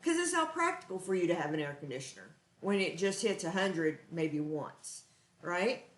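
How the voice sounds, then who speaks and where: A woman's voice: on the low side, big pitch swings, normal speed, reverberant. A woman with a Texan accent hosting a live cooking stream from her home kitchen. She talks in a chatty, earnest, folksy way. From Texas. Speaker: cooking show host.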